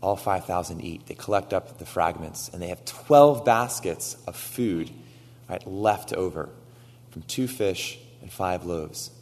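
A man preaching a sermon, retelling stories with animated quoted lines and frequent "right?" asides. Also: low voice, unhurried, long reverb tail. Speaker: pastor.

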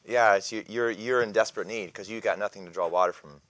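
Hesitant low-voiced man teaching Bible class. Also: fast talker, a bit bright, no room sound. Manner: hesitant, many fillers and restarts, clears throat often. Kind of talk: casual Bible lesson.

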